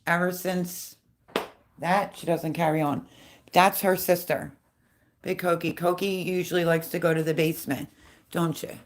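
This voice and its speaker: A middle-aged woman chats away on a casual live stream, rambling from one story to the next. Her voice sits a little low for a woman. Now and then she breaks off to coo softly at the dogs around her. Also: fairly even intonation, measured pace. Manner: chatty, rambling, coos baby talk at the dogs.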